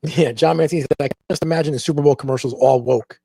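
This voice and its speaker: A man's voice: fairly high pitch, fast, dark tone, husky, no room sound. A laid-back, agreeable man co-hosting a casual chat and reading out viewer comments.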